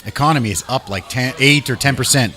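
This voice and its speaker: A man talking as a guest in a casual chat, a lively storyteller who acts out dialogue and drops in "man" and "dude". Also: mid-range voice, quick pace. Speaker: guest musician and restaurant owner.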